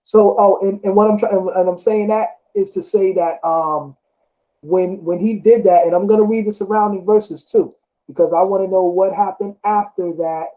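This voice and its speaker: A man's voice: sits high, fairly even intonation, moderate pace. Rambling man with a dull lo-fi sound. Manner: rambling, self-correcting, often asks "you know what I'm saying?". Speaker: speaker discussing scripture. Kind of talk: casual religious talk, reading verses aloud. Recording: dull lo-fi recording.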